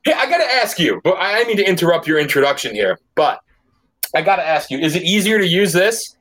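A man's voice: high voice, very animated, fast, fairly bright tone. A man hosting a casual podcast chat in a joking, loose way, swearing freely. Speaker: podcast host.

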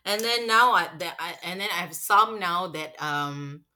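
Animated Singaporean woman telling a story. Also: fairly low pitch, measured pace. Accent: Singaporean English. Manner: animated, acts out customers' lines with swearing. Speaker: cinema manager. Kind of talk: casual storytelling chat.

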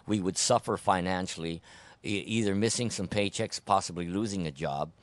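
A man with a very low, deep voice gives blunt, opinionated takes in a casual podcast chat. He often restarts mid-sentence. The sound is dry and close, with no room behind it. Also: moderate pace, dry recording. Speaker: podcast host. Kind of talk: casual sports and politics chat.

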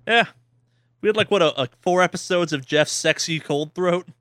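A man's voice: sits high, moderate pace, a bit bright, no room sound. A man hosting a casual podcast, joking around and swearing while he rambles. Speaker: podcast host.

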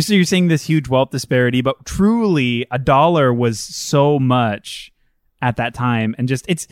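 A man co-hosting a podcast, chatting casually and enthusiastically, full of fillers and quick asides. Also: medium pitch, smooth, no echo, clean studio sound. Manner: enthusiastic, rambling with many fillers. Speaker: podcast co-host. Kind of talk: casual chat.

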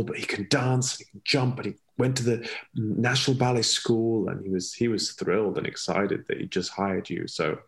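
Speaking as an interview guest, this European-accented man, once a ballet colleague and mentor, tells stories reflectively and conversationally. His voice is deep and gravelly. Frequent laughter breaks in, and he repeats words as he hunts for them.

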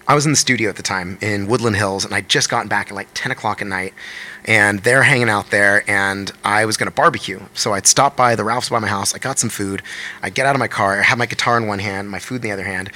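Fast-talking man telling a wild story. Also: fairly low pitch. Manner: fast, animated, profane storytelling. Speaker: guest musician. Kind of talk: casual storytelling on a podcast.

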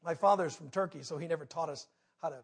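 A man preaching a sermon, telling a personal story with big swings between loud outbursts and hushed moments. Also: fairly high pitch, fast, gravelly, breathy edge. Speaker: pastor.

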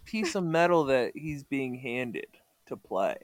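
A podcast co-host in casual chat about a comic, making wry deadpan comments. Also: mid-range voice, slow pace, dry recording.

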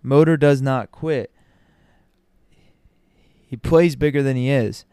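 A man's voice: medium pitch, slow, dark tone, clean tone, dry recording, studio quality. A man talking casually to his audience as a commentator, opinionated, with frequent ums and restarts. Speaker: sports commentator. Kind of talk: casual basketball talk.

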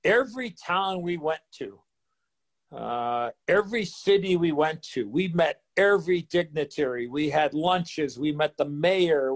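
A man in his fifties, a former hockey player, telling a story in an interview and acting out the dialogue. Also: fairly high pitch. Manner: animated storyteller who acts out dialogue.

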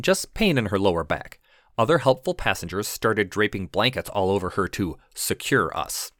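A man who is an ER physician and podcast host, telling a scripted funny story with wry, deadpan delivery. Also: fairly low pitch, no room sound, clean studio sound.

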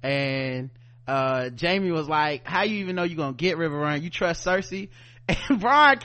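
A man's voice: on the high side, expressive, normal speed, pushed and bright. A man co-hosting a podcast, recapping a show animatedly, laughing often and acting out the characters in slang. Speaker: podcast co-host.

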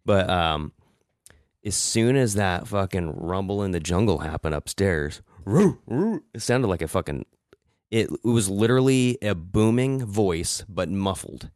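A man co-hosting a podcast, telling a story in a casual, animated and profane way. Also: low voice, measured pace, no room sound, studio quality. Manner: animated, profane, mimics voices. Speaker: podcast co-host.

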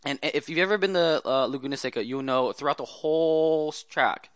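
A man's voice: mid-range voice, a little fast, no room sound, clean studio sound. A man talking as a guest in a casual interview, telling rambling stories in a chatty way. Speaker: guest, automotive photographer.

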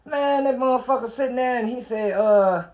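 Brief: high-voiced man, animated and profane, retelling a story in casual chat. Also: fairly quick. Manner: animated, profane, acts out quotes.

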